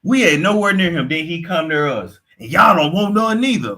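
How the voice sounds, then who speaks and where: Animated bright-voiced gossip host, man. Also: a little high, normal speed, few pauses, a little hiss or hum. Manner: animated, swearing, reacting to chat, slips into put-on accents. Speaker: commentary host. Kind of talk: casual gossip commentary.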